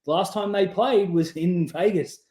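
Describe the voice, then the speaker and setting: A man's voice: high-pitched, moderate pace, warm tone, reverberant. An Australian man hosting a rugby league podcast, ranting with strong opinions in casual chat. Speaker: podcast host.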